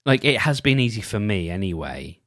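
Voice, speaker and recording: A man with a lowish voice rambles through a casual solo monologue, thinking aloud as he goes. He restarts sentences and leans on little fillers. The recording is dry and close, with no room sound. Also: sing-song, a little fast, a bit bright, dry recording. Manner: rambling, full of restarts and "you know".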